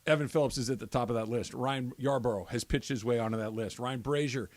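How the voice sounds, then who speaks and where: A man's voice: medium pitch, brisk, dry recording. A man co-hosting a sports radio show in casual talk, with an American accent, teasing his partners and laughing easily. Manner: teasing, laughs easily, reads listener messages aloud.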